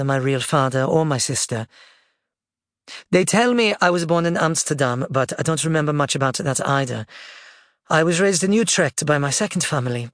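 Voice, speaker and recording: A gentle older grandmother, soft-spoken and apologetic, talking a touch quickly, as a male audiobook narrator puts her on. The recording is dry and close, with no room sound. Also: a little high, no room sound.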